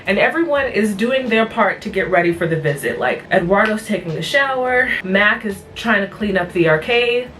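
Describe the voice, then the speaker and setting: A woman's voice: mid-range voice, animated, moderate pace, few pauses, fairly bright tone. Woman vlog host, worn out, blunt and chatty, mic a bit distant, faint hiss. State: tired. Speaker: vlog host reviewing cartoon episodes. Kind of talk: casual rambling recap.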